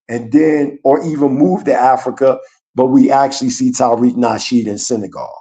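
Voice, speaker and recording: A man's voice: medium pitch, steady tone, normal speed, dark tone, low-quality recording. A man speaking as a guest on a streamed talk show, earnest and rambling, with many fillers.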